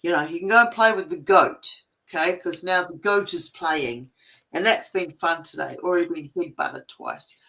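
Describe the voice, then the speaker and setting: A woman chatting casually on a livestream from home, animated and quick to laugh, swearing now and then. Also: lowish voice, vocal fry, low-quality recording. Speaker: co-host of a spiritual livestream. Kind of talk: casual chat.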